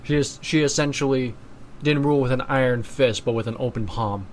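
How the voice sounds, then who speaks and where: A man's voice: medium pitch, fairly quick, slight background noise. A man co-hosting a casual podcast, making dry, playful quips. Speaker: podcast co-host. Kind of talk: casual chat.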